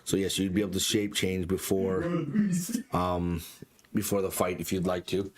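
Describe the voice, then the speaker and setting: A man narrating as dungeon master for a tabletop game, in an unhurried, casual way with profane asides. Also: low voice, flat delivery, a loud crowd.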